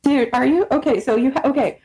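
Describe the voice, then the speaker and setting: A woman's voice: high-pitched, fast, dark tone, poor audio. A young woman co-hosting a casual podcast chat, talking animatedly, laughing often and acting out people she describes. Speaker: podcast co-host.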